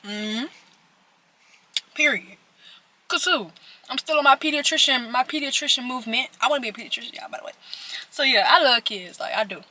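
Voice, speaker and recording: A woman's voice: high-pitched, fairly quick, pauses often. A young adult woman telling a chatty story to her viewers while eating, talking straight to the audience. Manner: chatty, animated, addresses viewers directly. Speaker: vlogger.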